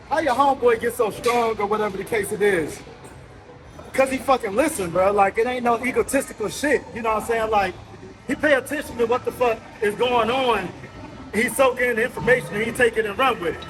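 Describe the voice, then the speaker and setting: A young man giving casual workout instruction in a gym, laid-back and slangy, constantly checking in with tag questions. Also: high voice. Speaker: fitness coach.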